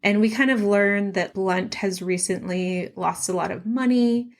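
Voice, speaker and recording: A woman co-hosting a casual book-club podcast, retelling the story in an animated way and giggling often as she acts out characters' lines in quick quoted bits. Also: medium pitch. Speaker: podcast co-host.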